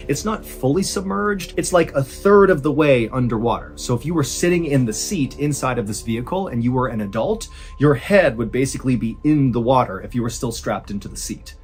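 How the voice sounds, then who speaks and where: A man hosting and narrating true scary stories in a suspenseful, conversational way, slowing down for emphasis. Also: fairly high pitch, slightly rough. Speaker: storyteller host. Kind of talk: dramatic true-story narration.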